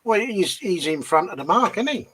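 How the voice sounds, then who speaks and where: A man's voice: sits high, big pitch swings, normal speed, bright, forceful tone, breathy edge. A man co-hosting a casual live stream, teasing his partner with jokey remarks. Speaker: co-host.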